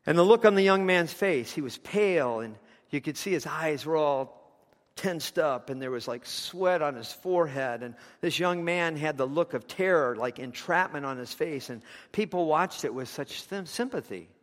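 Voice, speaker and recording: A man's voice: fairly high pitch, expressive, normal speed, long reverb tail. A man preaching a sermon, telling a story with passion, his intensity rising and falling.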